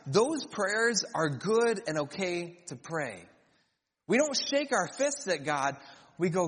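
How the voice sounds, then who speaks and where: A man's voice: high-pitched, very animated, unhurried, slightly rough. A man preaching a sermon in a conversational way, with joking asides between scripture readings. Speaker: pastor. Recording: reverberant hall.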